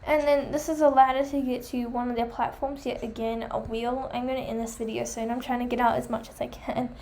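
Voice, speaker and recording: A young woman chatting enthusiastically while reviewing pet products, full of fillers, her voice going hoarse. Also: on the high side, little pitch movement, a little fast, darkish tone, slight background noise. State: losing her voice. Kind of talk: casual chat.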